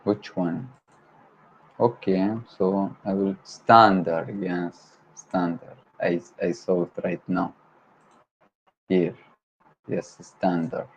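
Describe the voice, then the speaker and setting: With faint noise in the background of a dull lo-fi home stream, a language learner whose first language is Arabic does a slow word drill. His low voice stays flat as he repeats vocabulary one word at a time.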